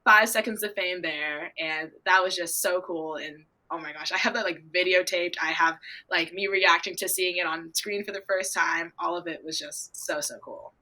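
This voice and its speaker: A teenage girl tells her stories in a bubbly, chatty way, acting out her own excited reactions as she goes. Her voice is bright, and it sits a little low. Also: normal speed, hardly any pauses. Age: teens. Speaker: young equestrian guest. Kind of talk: casual interview answers.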